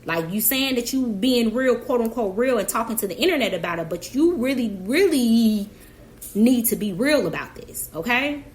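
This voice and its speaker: A woman's voice: a little high, animated, moderate pace. Chatty woman reacting for her viewers. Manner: chatty, emphatic, talks directly to the absent subject. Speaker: reaction channel host. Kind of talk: casual commentary to viewers.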